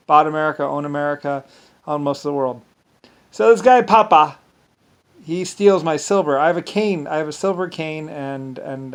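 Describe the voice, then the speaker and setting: A man talking in a rambling, casual monologue, often restarting sentences and slipping into quoted asides. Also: a little high. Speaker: vlogger.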